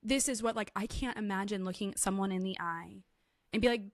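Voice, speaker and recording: A woman hosting a faith podcast, telling personal stories with animated acted-out quotes in a casual chat. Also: medium pitch, a little fast, no room sound, clean studio sound. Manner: animated storytelling, acts out quotes in lively voices. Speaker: podcast host.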